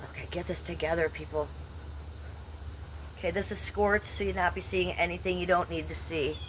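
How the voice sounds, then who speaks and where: A woman in her fifties talks to her live-stream chat in a brash, salty way, answering viewers by name. Her voice sits a touch low. A faint hum of noise runs under it. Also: fairly even intonation, moderate pace. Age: 50s. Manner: brash, chatty, reads out chat. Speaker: livestreamer.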